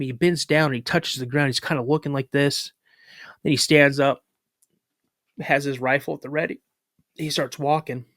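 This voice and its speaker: Male guest, mid-range voice, lively halting storytelling, dry recording. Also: medium pitch, dry recording. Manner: animated retelling with restarts and acted-out quotes. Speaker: podcast guest, cryptid researcher. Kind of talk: casual personal storytelling.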